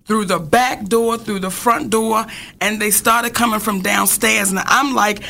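A woman hosting a podcast, telling a story in an animated, casual way and swearing freely. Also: medium pitch, a little slow, vocal fry, soft background music. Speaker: podcast host.

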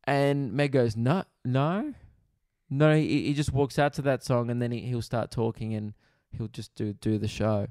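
A young man hosts his own comedy podcast, spinning a long, self-deprecating anecdote and slipping into quick quoted asides. His voice sits at an ordinary middle pitch. The recording is dry and close, with no room sound. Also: darkish tone, clear, resonant tone, no room sound. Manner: rambling, self-mocking, quoting others in quick asides. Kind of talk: casual storytelling monologue.

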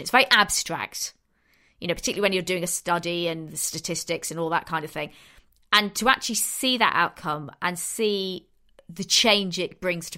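A woman's voice: fairly low pitch, sharp tone. A woman scientist with a British accent co-hosting a podcast, speaking earnestly and with feeling. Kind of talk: casual podcast conversation.

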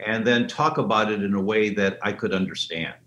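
An animated man tells stories as a guest, his voice carrying in a roomy, echoing space. A faint hiss sits under the remote line. He jumps into high, excited voices whenever he quotes someone. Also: fairly quick, muffled recording. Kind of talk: enthusiastic storytelling in an interview.

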